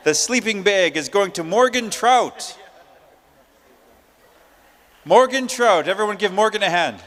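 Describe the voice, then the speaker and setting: With a high, light and slightly bright voice, a man draws prize winners at a live conference, keeping his patter loose, jokey and chatty. He is unhurried and pauses often, while the big hall surrounds him with long reverb.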